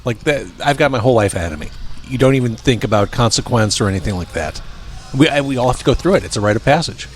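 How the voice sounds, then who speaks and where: Male podcast host, easygoing, mid pitch, casual chat, faint restaurant noise. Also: animated, fast talker. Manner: easygoing, reads lyrics aloud. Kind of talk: casual interview. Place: brewpub restaurant.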